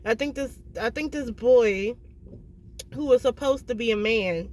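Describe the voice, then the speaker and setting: A tarot reader giving a casual reading to viewers, blunt and emphatic, swearing freely and often checking in with a quick "okay?". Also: mid-range voice, a little mellow.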